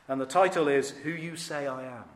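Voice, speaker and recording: Man, preacher, sermon, fairly high voice, emphatic, echoey hall. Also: normal speed, fairly bright tone. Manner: emphatic, earnest, with dramatic rises in pitch and volume.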